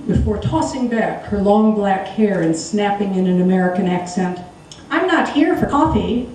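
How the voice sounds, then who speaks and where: A woman performing a wry, expressive story reading live in a theatre. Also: medium pitch, slight background noise. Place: theatre stage. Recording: echoey live stage, distant mic.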